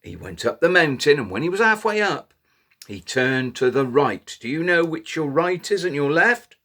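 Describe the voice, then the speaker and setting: A man telling a children's story in an animated way, inviting little listeners to join in. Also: fairly high pitch, normal speed. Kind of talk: interactive children's story reading.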